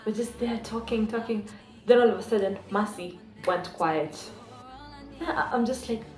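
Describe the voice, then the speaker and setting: A young woman with a Kenyan accent telling a high school story in a playful, animated way. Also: moderate pace. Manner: animated, playful, switches into Swahili. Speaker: vlogger. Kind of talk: story time. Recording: echoey room with music behind.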